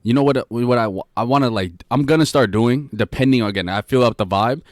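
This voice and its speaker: A man's voice: medium pitch, a little fast, dry recording, studio quality. A man co-hosting a casual podcast, telling stories earnestly and repeating his points. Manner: earnest, repeats phrases, rambling storyteller. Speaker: podcast co-host. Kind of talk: casual chat.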